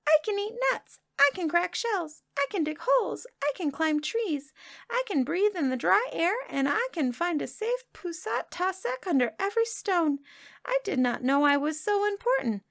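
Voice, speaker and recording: A woman voicing a tiny, boastful male crab who chatters in a high, squeaky, excited voice. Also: normal speed, vocal fry, heavily acted. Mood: gleeful boasting.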